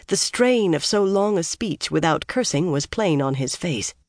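A steady, measured narrator reads a fantasy novel in a mid-range voice. The recording is dry and close, with no room around it. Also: mid-range voice, no echo. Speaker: audiobook narrator.

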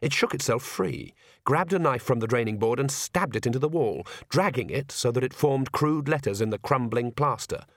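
A man narrating a story in a measured, even way. His voice sits mid-pitch and sounds dry and close to the mic. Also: no room sound. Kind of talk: audiobook narration.

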